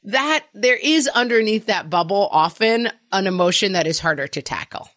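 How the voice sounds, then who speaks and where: A woman's voice: medium pitch, normal speed, no room sound, clean studio sound. A mother co-hosting a chat show, talking animatedly and acting out her kids' lines. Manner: animated, acts out quotes of her kids. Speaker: podcast co-host, parent. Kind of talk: casual chat.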